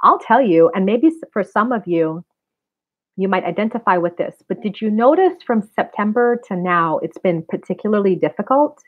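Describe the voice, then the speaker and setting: A woman's voice: mid-range voice, animated, normal speed. A woman in her forties, a spiritual reader and wellness center owner, chatting casually and earnestly with her live-stream viewers and addressing them directly. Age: 40s. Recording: tinny phone-like sound.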